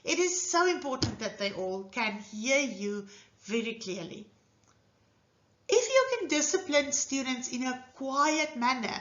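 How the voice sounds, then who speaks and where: A woman lectures on classroom teaching in an earnest, emphatic, coaching way. Her voice sits high and bright, with lively swings in pitch. The sound is echoey and a little dull, like a lo-fi room recording. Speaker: teacher trainer. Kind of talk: instructional lecture.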